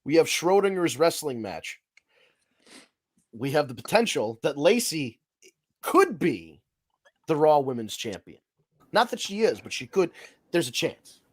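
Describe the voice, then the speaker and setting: A man hosts a casual wrestling podcast. His voice sits a little high, and he rambles, restarts and swears freely when something annoys him. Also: a little slow, pauses often, breathy edge. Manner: rambling, swears, animated rants. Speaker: podcast host.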